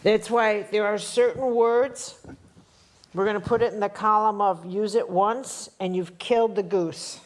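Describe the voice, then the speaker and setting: A woman from the Chicago area holds forth at a live workshop in a blunt, streetwise way. She hammers her points home by saying them again and again, in a voice of ordinary pitch. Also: steady tone, measured pace. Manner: emphatic, repeats lines for punch, blunt and streetwise. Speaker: workshop teacher. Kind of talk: live spiritual workshop talk. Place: workshop hall with an audience.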